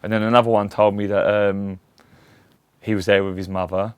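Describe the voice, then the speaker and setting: A man's voice: lowish voice, little pitch movement, fairly quick, smooth, no room sound. A middle-aged man, telling rambling anecdotes in a casual interview and acting out the voices of the people in them. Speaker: interview guest, Elvis tribute act.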